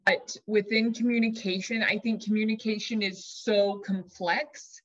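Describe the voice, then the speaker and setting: Woman, life coach, lively teaching talk, middle pitch, slightly dull sound. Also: a little slow. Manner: lively, shifts into dramatic inner voices when acting out examples.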